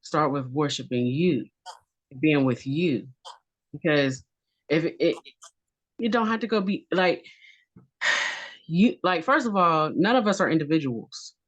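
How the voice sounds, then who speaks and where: A woman on a conference panel speaking gently in rhythmic, repeated phrases of encouragement. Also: low-pitched, measured pace, long pauses. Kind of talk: spiritual panel discussion.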